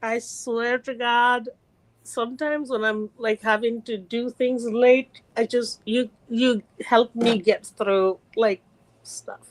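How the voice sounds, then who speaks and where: A middle-aged woman from California calling in to chat, animated and quick to laugh, with many restarts. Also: a little high, rough recording. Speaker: caller. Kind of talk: casual call-in chat.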